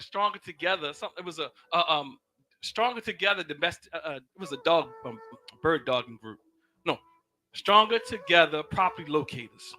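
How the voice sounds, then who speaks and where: In a relaxed yet fervent preacher's manner, a man gives a teaching that moves between booming shouts and quiet murmurs, with phrases said again and again.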